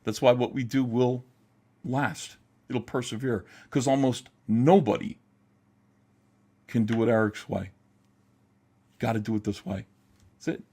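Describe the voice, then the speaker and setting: A man's voice: mid-range voice, unhurried, pauses often, warm tone. A man hosting a livestream, talking in a heated, profane, emphatic way while ranting and reading chat. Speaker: livestream host.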